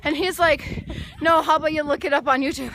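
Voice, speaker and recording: A woman chatting casually in a vlog, out of breath after dancing, giggly and excitable, laughing between lines. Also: high-pitched, brisk. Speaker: vlogger and dancer.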